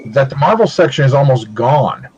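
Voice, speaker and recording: A man's voice: mid-range voice, expressive, normal speed, dull audio, a crowd in the background. A man co-hosting a casual livestream, chiming in with short comments and agreement. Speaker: livestream co-host. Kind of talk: casual chat.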